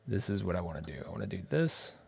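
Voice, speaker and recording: A man's voice: deep voice, sing-song, fast, creaky, a little hiss or hum. A man hosting a developer livestream, thinking aloud and muttering to himself as he writes code. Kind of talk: live coding, thinking aloud. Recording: faint music and keyboard typing behind. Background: keyboard typing, faint music.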